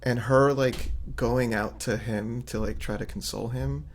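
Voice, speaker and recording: This is a man co-hosting a casual podcast chat. His voice sits at a middle pitch. He is animated and rambly, with filler words all through. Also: measured pace, slight background noise. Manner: animated, many fillers, acts out quotes. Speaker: podcast co-host.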